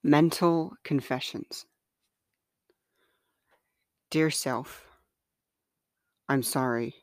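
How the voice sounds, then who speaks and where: A woman hosting a podcast and reading aloud from her own book in a gentle, measured, heartfelt way. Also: low voice, smooth, no echo, studio quality. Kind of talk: slow, earnest reading of personal writing.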